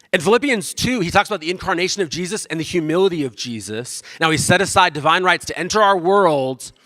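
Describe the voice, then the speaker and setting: A man's voice: on the high side, lively intonation, fast, hardly any pauses, fairly bright tone, long reverb tail. A man giving a casual, conversational sermon as pastor, self-deprecating and acting out the voices of the people he quotes.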